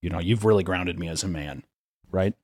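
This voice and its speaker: A young man co-hosts a podcast over a remote call mic, trading casual, sarcastic banter and often repeating his words. His voice sits low with a darkish tone and moves a little fast. The recording is dry, with clean studio sound.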